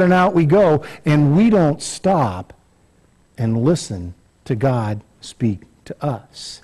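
A man's voice: sits high, animated, normal speed, darkish tone. A man preaching a conversational sermon in church, with many fillers and repeated words, acting out little scenes in a raised voice. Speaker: pastor.

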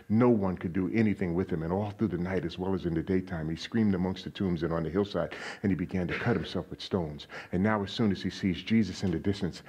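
Guest preacher, male, low husky voice, animated delivery that swings widely, keeps putting questions to the congregation. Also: highs cut off. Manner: animated, preacherly, rises loud on quoted lines, asks the congregation questions. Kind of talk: sermon. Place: church sanctuary.

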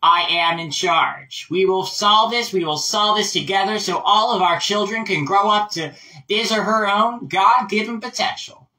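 A man putting on an impression of a woman politician, calming people in a measured, reassuring way. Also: high-pitched, roomy sound, distant mic, low-quality recording. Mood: soothing. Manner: measured, soothing, with giddy little laughs.

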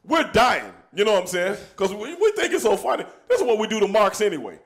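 Animated, high-voiced storytelling man. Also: fast talker. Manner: animated, laughing, acting out quotes. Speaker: show host telling a story. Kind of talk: casual storytelling.

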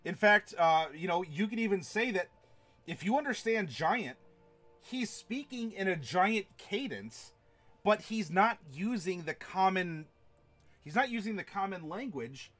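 A man game master talks casually through a lesson on building villains, chatty and quick to laugh, with lots of fillers and restarts. His voice sits somewhat high, and faint music plays in the background. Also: lively intonation, fairly bright tone. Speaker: game master and streamer teaching villain creation. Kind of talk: casual instructional talk to a live chat.

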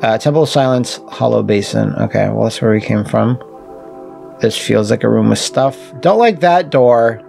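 A man plays a video game on his gaming channel, giving casual let's-play commentary that's wry and jokey, swearing and talking to the enemies. His medium-pitched voice is gravelly and darkish at a moderate pace, with soft music in the background.

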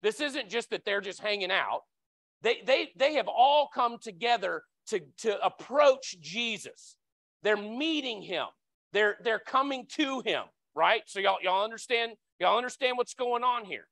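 Bright, dry-voiced lay preacher man. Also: animated, measured pace, no echo. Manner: conversational, repeats words, acts out cries with sudden loud high shouts. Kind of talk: sermon. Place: church sanctuary.

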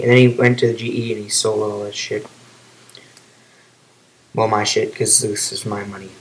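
A young man casually commenting over his own gameplay clips, rambling, with sudden excited outbursts between quiet, trailing remarks. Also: lowish voice, normal speed, long pauses, low-quality recording.

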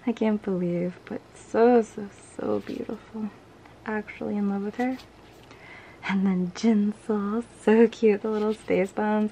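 A young woman chatting casually as she unboxes merchandise, gushing with breathy exclamations that often drop to a whisper. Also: mid-range voice, darkish tone, slight background noise. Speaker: unboxing vlogger.

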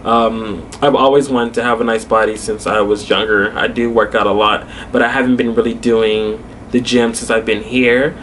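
A man's voice: mid-range voice, flat delivery, moderate pace, few pauses, fairly bright tone, slight background noise. A young man vlogging casually, telling a story with lots of fillers and frequent laughter.

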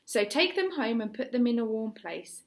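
A woman with an English accent voicing a gruff, scornful male Viking teacher who shouts at his pupils. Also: on the high side, sing-song, moderate pace. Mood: lecturing.

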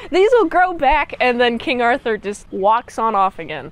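A woman's voice: a little high, clear, resonant tone. A young woman giving a casual movie recap, chatty and rambling, and laughing as she goes. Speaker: movie reviewer.

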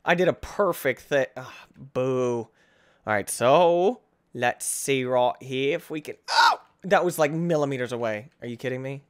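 A young man giving excitable playthrough commentary, breaking into sudden high yelps and self-mocking groans. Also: a little slow. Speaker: gaming channel host.

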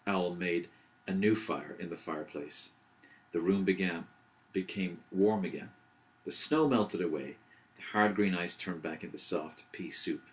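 A man with a deep, low voice reading a bedtime story aloud. His delivery is gentle and even, a steady storyteller pace for a children's book. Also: a little slow.

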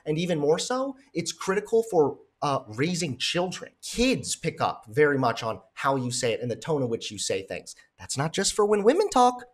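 A man giving reaction commentary with open scorn and heavy sarcasm, swearing freely. His voice sits slightly high for a man. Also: wildly swooping pitch, normal speed, hardly any pauses. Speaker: commentary host.

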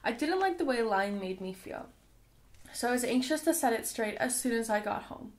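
A woman's voice: on the high side, animated, moderate pace. A woman reading a novel aloud as the regular reader of her channel, dropping in chatty asides between passages. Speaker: audiobook reader.

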